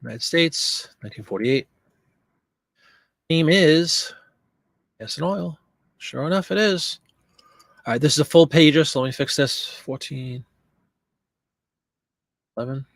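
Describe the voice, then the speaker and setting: A man's voice: a little high, unhurried, creaky, long pauses, fairly bright tone, dry recording, clean studio sound. A man hosting a live listing stream, chatting casually and answering viewer comments while he works. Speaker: live stream host listing items for sale.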